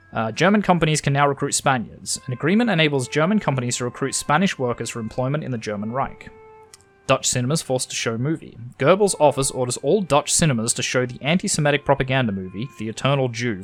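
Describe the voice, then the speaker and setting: An Australian man reading a story game aloud, lively in pitch and loudness as he narrates. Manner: animated reading, shifting pitch and loudness for each character. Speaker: gaming YouTuber.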